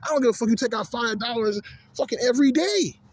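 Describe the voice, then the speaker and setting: A Canadian vlogger in his twenties talks very fast in a very high voice. His casual rant is profane and rambling, packed with filler like "you know what I'm saying."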